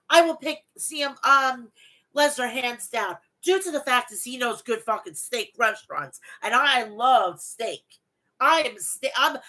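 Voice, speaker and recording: In poor audio, a wrestling podcast host with a high-pitched, bright, forceful voice reads aloud an event recap on her own review show. She rants with heat and bluntness and plenty of swearing.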